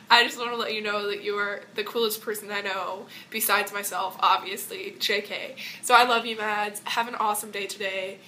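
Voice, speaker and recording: A teenage girl vlogging from her bathroom, rambling warmly through a birthday message to her best friend with lots of fillers. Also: medium pitch, flat delivery, normal speed, few pauses, slight background noise. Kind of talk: casual birthday message vlog. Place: home bathroom, indoors.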